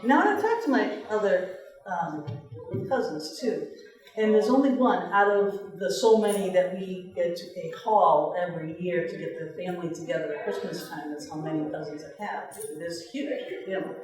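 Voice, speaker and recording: A middle-aged woman on a panel, telling stories in a chatty, animated way. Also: on the low side, normal speed, soft background music. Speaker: panelist, paranormal radio host. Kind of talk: storytelling on a panel. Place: large event room. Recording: very echoey room, far from mic.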